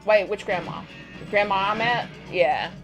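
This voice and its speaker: While she plays games, a young female streamer tells rambling, casual stories and laughs frequently, with game music behind her. She speaks a little slowly at a medium pitch.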